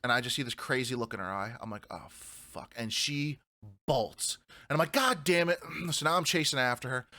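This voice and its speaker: A man co-hosting a casual podcast, telling wild stories with lots of swearing and acting out his own shouts. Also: medium pitch, steady tone, quick pace, hardly any pauses, no room sound. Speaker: podcast co-host. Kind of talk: casual chat, storytelling.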